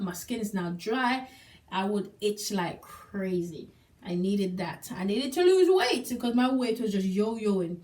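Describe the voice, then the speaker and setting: A woman telling her story in a personal testimonial vlog, emphatic and repeating words for effect. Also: medium pitch. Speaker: single mother sharing a product testimonial. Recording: voice a little distant from the mic.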